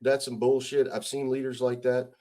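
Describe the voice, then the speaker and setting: This middle-aged American man, a retired army sergeant major, is a guest in a casual interview, talking bluntly and swearing heavily while pressing his points with rhetorical questions. His mid-range voice is warm, with flat delivery at normal speed.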